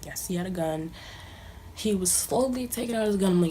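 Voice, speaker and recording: A woman's voice: medium pitch, a little fast, dark tone, slight background noise. A young woman casually telling a personal story as a vlogger, sometimes dropping to a near-whisper. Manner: casual, conversational, drops to near-whispers at times. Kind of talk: storytime monologue.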